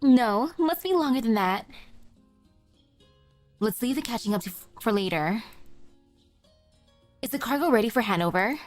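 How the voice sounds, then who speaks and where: A woman's voice: fairly high pitch, animated, normal speed, pauses often, dry recording, faint music behind, lightly acted. A woman voicing a stern, focused female soldier doll who speaks curtly and commandingly. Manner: curt, commanding.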